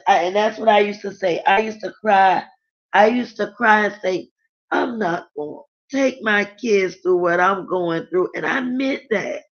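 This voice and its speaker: A middle-aged woman hosting a casual live stream, chatting candidly and reading viewer comments aloud. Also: fairly low pitch. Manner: chatty, candid, rambling with restarts. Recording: dull lo-fi sound.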